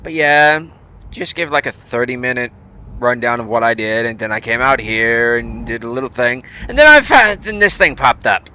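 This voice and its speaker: Bright, clear-voiced rambling game streamer man. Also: on the high side, animated, a little slow. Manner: rambling, with many fillers and restarts; easygoing and self-deprecating. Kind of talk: casual gameplay commentary answering chat.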